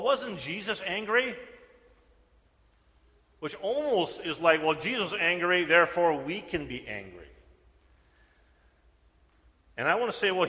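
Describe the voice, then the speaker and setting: A man's voice: high voice, bright, forceful tone, long reverb tail. A man preaching a sermon as pastor, earnest and answering his own rhetorical questions. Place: church sanctuary.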